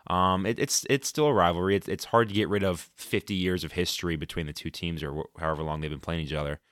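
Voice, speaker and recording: A man's voice: deep voice, fast, fairly bright tone, no echo, studio quality. A man co-hosting casual sports talk, rambling and repeating words as he thinks. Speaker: sports podcast co-host.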